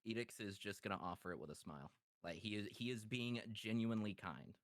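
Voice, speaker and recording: Low-voiced man playing a tabletop game. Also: a little fast, no echo, studio quality. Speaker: player.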